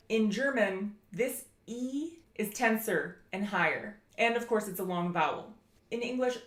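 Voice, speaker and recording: A woman with an American accent giving a phonetics lecture, explaining and slowly demonstrating vowel sounds. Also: medium pitch, roomy sound. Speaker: language teacher.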